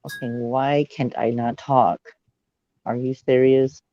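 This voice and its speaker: A male psychic giving a dramatic live reading over a video call. He often drops into low, hushed asides. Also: flat delivery, slow pace, lo-fi sound, slight background noise.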